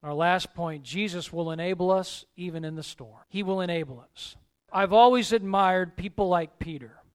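A male pastor with a high, smooth, resonant voice delivers a sermon. He swings between emphatic, rising calls and quiet, soft asides. His tone stays preacherly throughout. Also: moderate pace.

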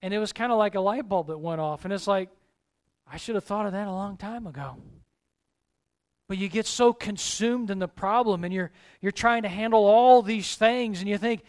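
At normal speed and in an animated way, a male pastor gives a sermon in a voice that's high, smooth and resonant. Rising, emphatic calls give way to soft, quiet asides, all in a steadily preacherly tone.

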